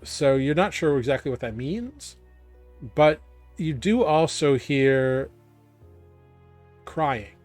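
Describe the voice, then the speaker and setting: A man runs a tabletop game, describing the scene slowly and haltingly, with lots of "um" and "like". His voice is dry and close to the mic, and faint music plays underneath. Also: on the high side, animated, a little mellow, no echo. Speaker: game master.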